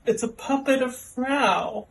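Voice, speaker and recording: A man's voice: extremely high pitch, slow pace, creaky, slight background noise, poor audio. A man in his twenties talking hesitantly and self-consciously. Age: 20s.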